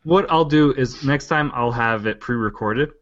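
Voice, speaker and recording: A man's voice: mid-range voice, normal speed, over a noisy crowd. A man co-hosting a podcast in casual chat, hesitant and giggly as he tries out accents. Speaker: podcast co-host. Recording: dull lo-fi podcast audio.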